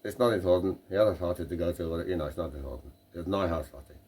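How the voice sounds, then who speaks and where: A man's voice: low-pitched, rapid-fire, a little mellow, slight background noise. A man hosting a podcast, telling a rambling joke in casual banter with playful interruptions. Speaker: podcast host.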